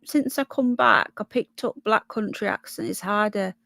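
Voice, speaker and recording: Brummie woman livestream host, mid-pitched, chatty and rambling, dry close mic. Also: normal speed, vocal fry, pushed and bright, no echo. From Birmingham, England. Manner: chatty, thinks aloud, stumbles over names. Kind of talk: casual live chat reading news and viewer comments.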